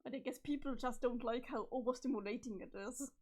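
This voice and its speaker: A woman's voice: a little high, a little fast, a little mellow. Chatty woman reading a webcomic on stream. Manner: chatty, laughs often, swears casually. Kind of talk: casual livestream reading and commentary.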